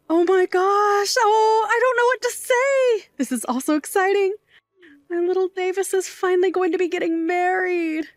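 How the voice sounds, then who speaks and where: A woman playing a doting, playful middle-aged aunt who works nights at a bar, quick to mock offense and to tears. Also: high-pitched, no room sound, lightly acted. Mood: tearful joy. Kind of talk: audio drama acting.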